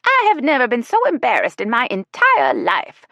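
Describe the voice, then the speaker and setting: A woman voicing a fussy, easily offended older woman with a prim, high-strung manner, in an audiobook. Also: wildly swooping pitch, normal speed, bright, forceful tone, no room sound, full character voice. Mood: huffy.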